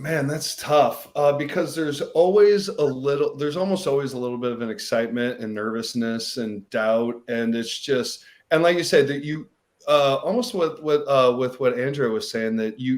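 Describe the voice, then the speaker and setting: Man from Missouri, actor on a panel, halting, repeats himself, mid-pitched voice. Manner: halting, frequent restarts and fillers. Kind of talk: panel discussion.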